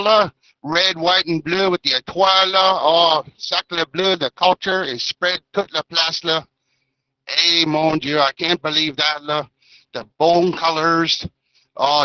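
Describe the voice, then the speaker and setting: A man putting on a comic Acadian French voice, quick and lively in his delivery. He rattles on cheerfully with bits of French, and he sounds bright and a little high, all over dull lo-fi chat audio. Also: no echo. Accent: Acadian French put-on. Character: man with a joking put-on Acadian French accent.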